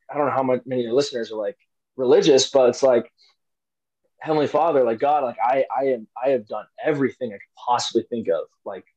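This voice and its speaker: A man's voice: mid-range voice, darkish tone, slightly rough, muffled recording. A young man, an interview guest, telling a personal story casually with lots of fillers and restarts. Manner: rambling, many fillers and restarts.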